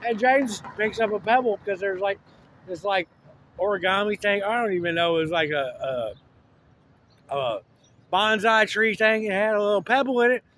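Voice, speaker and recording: A man's voice: high-pitched, normal speed, fairly bright tone. A man rambling through a casual monologue, slangy, with lots of restarts. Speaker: vlogger.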